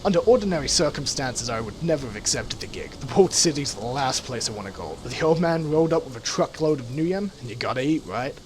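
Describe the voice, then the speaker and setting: A man reading a flat-voiced dwarf mercenary. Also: medium pitch, fast talker, hardly any pauses, background noise, lightly acted. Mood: matter-of-fact. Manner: flat, blunt. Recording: game music behind.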